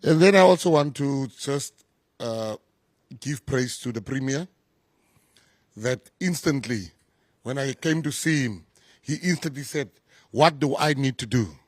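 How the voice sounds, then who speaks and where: A man's voice: mid-range voice, animated, measured pace, long pauses, darkish tone, no echo. A South African man, a government minister, giving an effusive, emphatic press conference speech full of repeated phrases.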